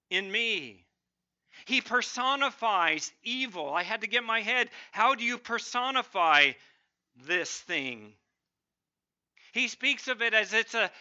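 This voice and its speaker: Emphatic bright-voiced male preacher. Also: sits high, highs cut off. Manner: emphatic, voices a barking dog of evil in loud bursts. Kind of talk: sermon.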